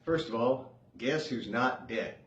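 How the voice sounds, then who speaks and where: A man doing a stand-up comedy set, sarcastic and animated, swinging between loud outbursts and hushed asides. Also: mid-range voice, slow pace, slight background noise. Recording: dull lo-fi sound in a roomy space.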